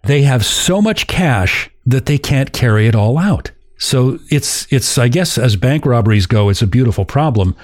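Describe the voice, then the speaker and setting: A man narrates a story to his co-hosts in a relaxed, conversational way and chuckles as he goes. His voice sits in the middle range. The recording is dry and close to the mic. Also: medium pitch, normal speed, few pauses, no echo. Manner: chuckles while telling a story. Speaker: podcast host. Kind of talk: casual storytelling.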